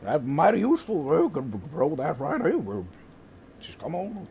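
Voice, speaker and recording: A man's voice: on the high side, wildly swooping pitch, moderate pace, creaky, darkish tone, slight background noise, voice pushed up, full character voice. A man voicing an old rustic male gardener with a put-on West Country accent, rambling in folksy dialect. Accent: West Country English, put on.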